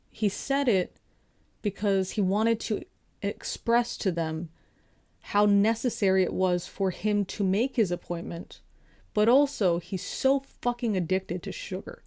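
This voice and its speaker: A woman's voice: mid-range voice, mellow. A young adult woman, a veteran, telling a story in a casual rant, exasperated and sarcastic, full of rhetorical questions.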